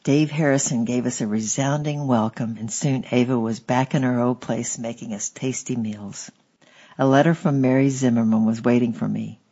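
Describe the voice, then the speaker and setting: Husky man narrating a memoir. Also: mid-range voice, lo-fi sound. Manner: steady, measured storytelling. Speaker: audiobook narrator. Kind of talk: audiobook reading of a memoir.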